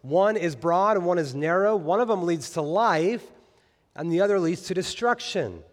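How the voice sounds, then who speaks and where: A man's voice: sits high, expressive, normal speed, big-room sound. A man preaching a sermon as pastor, earnest and building to emphatic peaks on key phrases. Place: church sanctuary.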